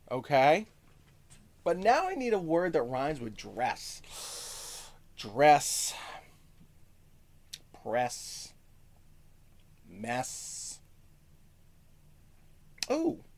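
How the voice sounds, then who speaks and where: A man teaches a music lesson to first graders, taking his time over each word. His voice rises and falls in a lively, animated way. He keeps checking that the children are following along. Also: a little high. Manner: encouraging, talks slowly to young children, sings short lines; lots of "okay?" check-ins.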